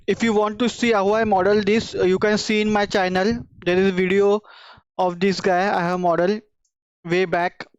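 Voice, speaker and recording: A woman's voice: mid-range voice, flat delivery, moderate pace, clean tone, no echo. A woman hosting a 3D modeling channel, walking through her work in a casual tutorial, speaking in simple phrases with hesitant fillers. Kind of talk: casual screen-recorded tutorial walkthrough. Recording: dull, slightly lo-fi dry sound.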